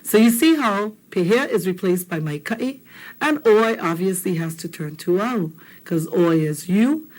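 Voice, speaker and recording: A woman teacher who explains phrases and repeats them slowly and encouragingly for learners. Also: mid-range voice, lively intonation, a little mellow, poor audio. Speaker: Hawaiian language teacher. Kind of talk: language lesson explanation.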